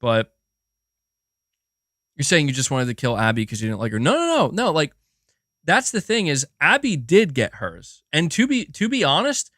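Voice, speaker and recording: Animated, profane man ranting on stream. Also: fairly high pitch, moderate pace, long pauses, no room sound, studio quality. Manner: animated, profane and emphatic, with frequent restarts. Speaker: livestream host. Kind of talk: casual livestream rant.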